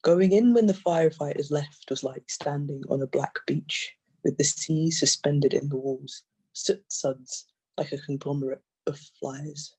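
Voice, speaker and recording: A poet reading their own poems aloud in a measured, intense way, often repeating phrases. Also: mid-range voice, mellow, slightly rough. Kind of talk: poetry reading.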